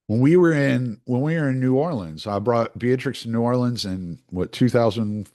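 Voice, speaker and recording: A man's voice: mid-range voice, moderate pace, warm tone. A man from the United States talking through a casual, rambling monologue as a podcast host, opinionated and full of restarts.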